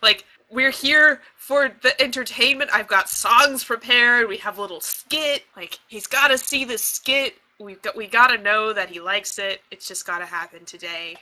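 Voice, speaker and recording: A woman's voice: fairly low pitch, monotone, brisk, bright, forceful tone, low-quality recording. A woman voicing a frantic dwarven woman entertainer, pleading urgently.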